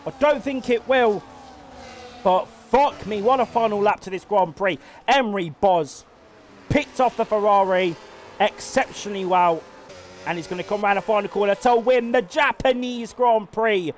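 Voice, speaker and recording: A man giving live play-by-play commentary on a sim race, excitable and swearing freely as he calls the action. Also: high voice, normal speed, slight background noise.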